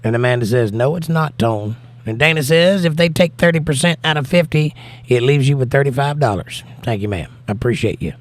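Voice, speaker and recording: A man's voice: medium pitch, lively intonation, a little fast, no echo. An American man hosting a casual livestream, reading viewer comments aloud and answering them, tired from no sleep. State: tired, has not slept. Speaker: livestream host reading chat.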